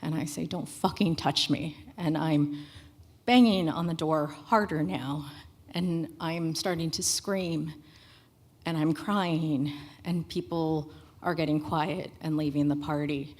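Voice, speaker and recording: A woman's voice: low-pitched, steady tone, slow, darkish tone. A woman telling a candid first-person story on stage at a live storytelling show, in a plain conversational way. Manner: candid, conversational, matter-of-fact.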